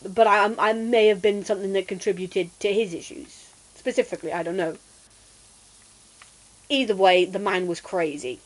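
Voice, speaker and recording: A woman's voice: medium pitch, moderate pace, long pauses, low-quality recording. Chatty woman telling a story. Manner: chatty, animated, laughs while telling. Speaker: streamer. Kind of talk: casual storytelling while gaming.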